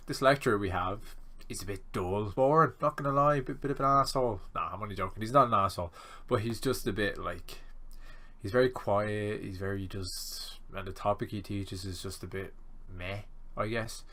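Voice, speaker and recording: A man's voice: lowish voice, normal speed. Rambling young man telling a story. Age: 20s. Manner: rambling, animated, swearing. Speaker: student vlogger. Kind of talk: storytime vlog.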